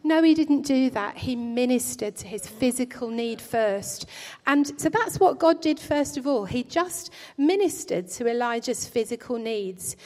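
A woman preaching a sermon in a church, speaking earnestly and gently in a pastoral way, often restarting her phrases. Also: fairly high pitch, expressive, a little slow. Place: church hall. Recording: long hall reverb.

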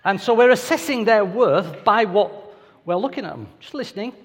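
A man's voice: high voice, animated, moderate pace, slightly rough. A man preaching a sermon in a conversational, anecdotal way with playful asides. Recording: reverberant hall.

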